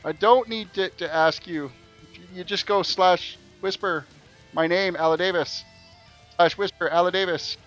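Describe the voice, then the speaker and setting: A man's voice: high-pitched, steady tone, a little slow, a bit bright, muffled recording, soft background music. Chatty man streaming a game. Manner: chatty, eagerly repeats instructions to players. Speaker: game streamer running a race event. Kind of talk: casual live-stream commentary.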